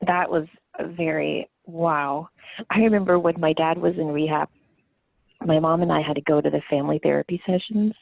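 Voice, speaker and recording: A woman's voice: deep voice, fairly even intonation, normal speed, gravelly, no room sound. A woman hosting a podcast who talks candidly about her family and laughs often. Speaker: podcast host. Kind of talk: casual conversation. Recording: tinny phone-like line, dry.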